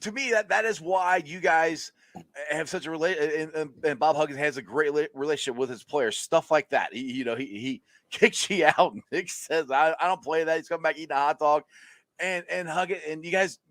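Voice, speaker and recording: A man's voice: fairly high pitch, brisk, fairly bright tone, no room sound. A man hosting a casual sports podcast who stumbles over and repeats his words and laughs along with his guest. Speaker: podcast host.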